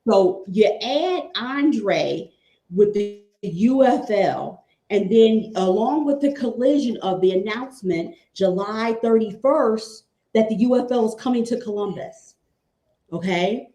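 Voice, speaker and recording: Slow-talking woman from Cleveland, echoey room. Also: mid-range voice, expressive, warm tone. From Cleveland, Ohio. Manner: chatty, repeats phrases, fan enthusiasm. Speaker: guest. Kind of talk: casual sports chat.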